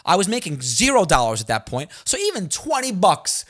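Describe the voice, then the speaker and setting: A man, a comedian and host, chatting casually and acting out his relatives in animated stories. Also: sits high, fairly quick. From New York area. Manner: animated storytelling, acts out family members. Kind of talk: casual chat.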